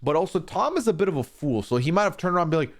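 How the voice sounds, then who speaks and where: Speaking very fast in a voice on the high side, a man streams a casual reality-show recap full of opinions. He swears freely and animatedly acts out what everyone said.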